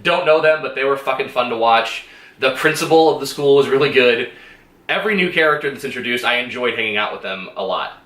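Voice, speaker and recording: A man's voice: medium pitch, sharp tone, roomy sound. A man giving a casual movie review, rambling and enthusiastic, swearing freely and laughing often.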